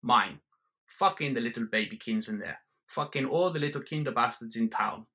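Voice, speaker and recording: Brief: gruff bellowing German bar owner in broken English, middle-aged, bright edge, put on by a man telling a story. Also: mid-range voice, normal speed, close to an everyday voice. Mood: ranting.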